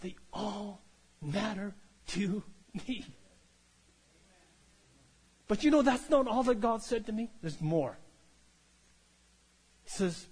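A man preaching a sermon, telling a story that builds from quiet to loud and calling out for amens. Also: high-pitched, lively intonation, slow, long pauses, slightly rough, in a large hall. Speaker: pastor.

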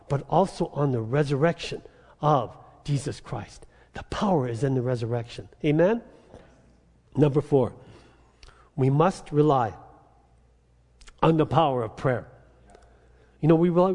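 A man preaching a sermon as pastor, telling animated stories about frustrating phone calls and asking the congregation "amen?". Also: on the high side, big-room sound. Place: church sanctuary.

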